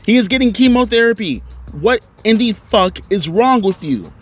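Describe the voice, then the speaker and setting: A man's voice: high-pitched, expressive, normal speed, faint music behind. Furious profane man ranting outdoors. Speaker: online commentator. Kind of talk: angry rant vlog. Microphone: cell phone.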